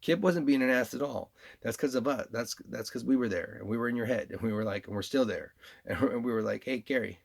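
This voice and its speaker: Man, New York accent, gravelly voice, low pitch, rambling monologue, repetitive. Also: a little fast. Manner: rambling and repetitive, with frequent restarts and laughs. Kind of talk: rambling spoken monologue addressed to absent listeners.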